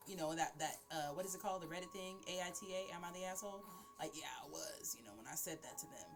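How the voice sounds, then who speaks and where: Female host, casual and animated, laughs easily, low-ish voice, music bed clearly audible. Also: quick pace, hardly any pauses. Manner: laughing and animated, acting out examples. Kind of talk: casual chat.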